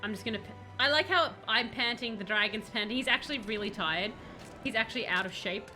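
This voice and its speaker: A woman streaming a video game, chatting excitedly and talking to the characters on screen. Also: on the high side, a little fast, faint music behind. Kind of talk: live gameplay commentary.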